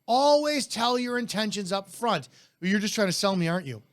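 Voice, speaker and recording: A man's voice: high voice, expressive, moderate pace. A man coaching network marketing in a blunt, intense, in-your-face way, in casual talk.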